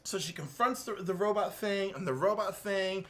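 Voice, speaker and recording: A man co-hosting a casual podcast, recapping a comic book and acting out the characters' lines in quick voices. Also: sits high, a bit bright. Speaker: podcast co-host.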